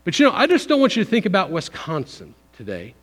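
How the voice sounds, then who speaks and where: A man giving a conversational, folksy missions sermon in a church, pushing up for emphasis and then dropping low. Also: huge pitch swings, quick pace. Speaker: visiting missions speaker. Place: church sanctuary. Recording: long hall reverb.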